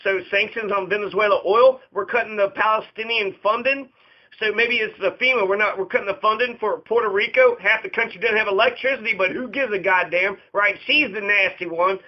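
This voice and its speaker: High-voiced man on a profane rant. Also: muffled recording. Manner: profane, sarcastic ranting. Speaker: host. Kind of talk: political commentary rant.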